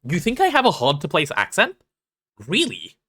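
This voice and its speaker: Young english guy on a game stream, fairly high voice, bounces around a lot, chatty and jokey with chat. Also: wildly swooping pitch, bright, forceful tone, slightly rough. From England. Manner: chatty, reads chat aloud and answers it, jokey and quick to apologize. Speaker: livestreamer. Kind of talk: casual gameplay livestream chat.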